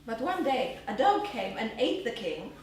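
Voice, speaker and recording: A woman's voice: a little high, sing-song, a little mellow. A woman performing an earnest solo theater monologue, recorded live on a small stage. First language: Polish. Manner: earnest storytelling, measured. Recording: live stage, roomy hall from far off, faint noise.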